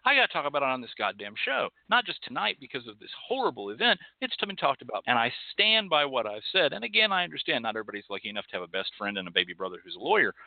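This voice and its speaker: A man's voice: mid-range voice, very animated, very fast, vocal fry, few pauses, dry recording. A man from Texas hosting a call-in radio show, speaking bluntly and passionately with profanity and a preacherly cadence. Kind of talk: impassioned call-in talk show. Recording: tinny phone-like audio.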